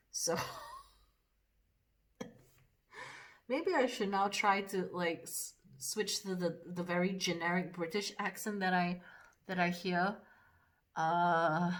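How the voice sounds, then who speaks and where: Slow, low-voiced woman vlogging. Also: a bit bright. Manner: self-conscious, laughing at herself, trailing off and restarting. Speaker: makeup vlogger. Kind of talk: casual vlog, trying out regional accents.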